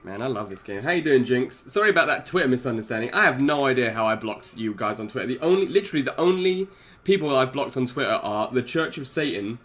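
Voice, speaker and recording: A young man streaming a fighting game, chatting with viewers in a casual, excitable way and laughing often. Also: medium pitch, fast talker. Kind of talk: casual gaming stream chat.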